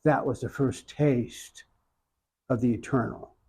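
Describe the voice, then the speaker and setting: An older man with an Oklahoma accent, an interviewee who tells his story slowly and reflectively, with many pauses. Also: medium pitch, steady tone, warm tone, breathy edge, low-quality recording. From Oklahoma, USA. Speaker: interviewee, iconographer.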